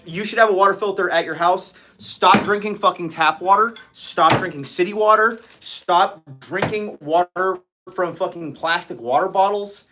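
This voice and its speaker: A man's voice: sits high, pushed and bright. A man hosting a casual livestream chat, ranting with lots of swearing and laughing often. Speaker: livestream host.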